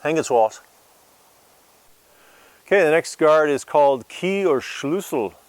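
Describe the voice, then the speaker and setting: A man casually explaining sword guards as an instructor, relaxed and hesitant with many fillers. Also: fairly high pitch, unhurried, a little hiss or hum. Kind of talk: casual demonstration lesson.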